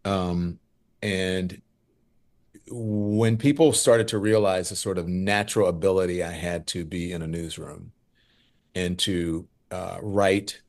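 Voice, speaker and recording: Male guest, 50s, from Louisiana, very low pitch, lively storyteller. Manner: animated, lively storyteller who acts out quoted voices. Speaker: guest journalist. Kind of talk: conversational interview storytelling.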